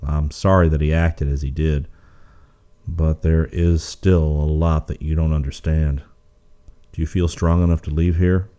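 A man voicing a calm, steady masked hero in a western audiobook, speaking in a firm, measured way. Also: rumbling low, clear, resonant tone. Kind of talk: audiobook character voice.

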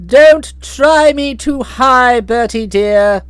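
A blustering middle-aged aunt with a quick temper and a hearty, slangy bark, as a woman reads her in an audiobook. Her voice sits high and she takes her time over the words. The sound is close and dry. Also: no room sound. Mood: grumbling. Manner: bluff, hot-tempered, slangy. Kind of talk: audiobook reading.

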